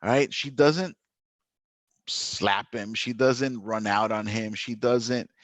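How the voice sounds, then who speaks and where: A man teaching a literature lesson, talking in a lively, chatty way with frequent laughter and restarts. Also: fairly low pitch, slow pace, no room sound. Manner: animated, chatty, laughs often, many restarts. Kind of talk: recorded classroom lesson.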